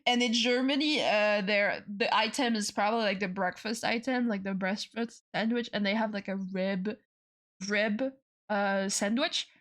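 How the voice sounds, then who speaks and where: A young woman with a French accent chatting casually on a stream, swearing a lot, laughing often and repeating herself when she gets excited. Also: medium pitch, unhurried. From France. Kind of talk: casual chat.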